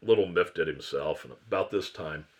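A man's voice: low voice, moderate pace. A man who owns a fly shop, a podcast guest telling a long fishing story in a rambling way, often correcting himself.

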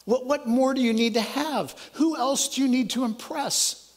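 A man preaching a sermon as pastor, earnest and conversational, often restarting his sentences. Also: moderate pace. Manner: lowers voice to a soft, quiet prayer.

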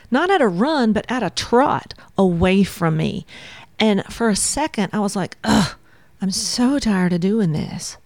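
A woman, a counselor and podcast guest, telling a story in an animated way and acting out her own thoughts. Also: medium pitch, dry recording. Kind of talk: casual storytelling in conversation.

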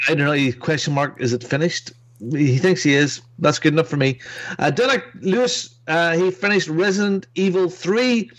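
A man's voice: a little high, normal speed, fairly bright tone. A man hosting a casual gaming podcast, rambling as he reads out names from the chat and corrects himself. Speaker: podcast host.

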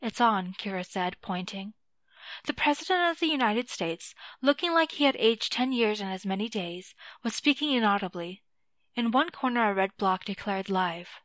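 A woman narrating a fictional story in a measured, scripted reading. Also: medium pitch, a bit bright, dry recording.

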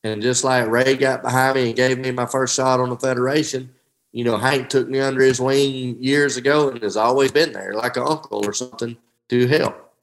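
A man's voice: mid-range voice, steady tone, moderate pace, vocal fry, rough recording. Folksy man, heartfelt. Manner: folksy, heartfelt, says "dude" often, trails off and restarts. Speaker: professional angler, guest. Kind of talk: emotional casual interview.

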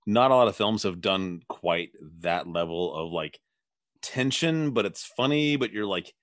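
A man co-hosting a casual podcast, talking about films in halting bursts with frequent restarts and casual swearing. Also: on the low side, lively intonation, fairly bright tone, dry recording, clean studio sound. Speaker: podcast co-host. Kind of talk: casual film discussion.

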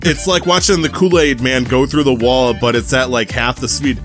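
A man's voice: mid-range voice, steady tone, moderate pace, fairly bright tone, soft background music. A man hosting a casual podcast, teasing his co-hosts and laughing often. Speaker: podcast host. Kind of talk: casual chat.

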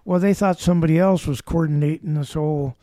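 A man's voice: a little high, fairly even intonation, fast, dark tone, dry recording. A man in his seventies, a podcast guest, telling rambling anecdotes with dry humor. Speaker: guest, former backcountry ranger. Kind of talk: casual storytelling.

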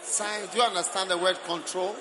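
High-voiced Ghanaian bishop preaching live. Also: male voice, a little fast. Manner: teasing, animated, bursts into shouts and laughter. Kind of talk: lively sermon with banter. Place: large church camp gathering. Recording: live crowd and noise behind.

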